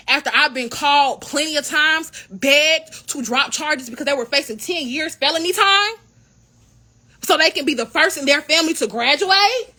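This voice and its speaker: A young woman, a member of a college royal court, telling an indignant, animated story in a casual vlog. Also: high-pitched, moderate pace. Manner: animated, indignant retelling with quoted dialogue.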